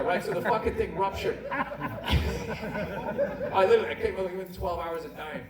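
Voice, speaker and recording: A man doing a stand-up comedy routine, ranting and cursing as he acts out arguments with his wife and shouts the punchlines. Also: high-pitched, fairly quick, pauses often. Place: comedy venue stage. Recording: echoey venue, distant mic, loud crowd. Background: audience laughter.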